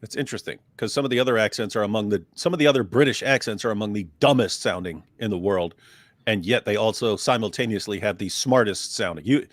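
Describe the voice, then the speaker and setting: A man's voice: on the low side, fast, dry recording. Dry-voiced joking man. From West Virginia. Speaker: co-host. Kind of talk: casual livestream chat.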